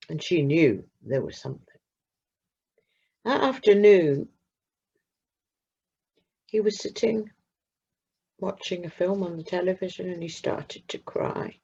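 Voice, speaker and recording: Woman reading a kids story, husky and gravelly, dull muffled sound. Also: fairly low pitch. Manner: slow, expressive, dramatic pauses. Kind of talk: children's story narration. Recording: muffled lo-fi recording.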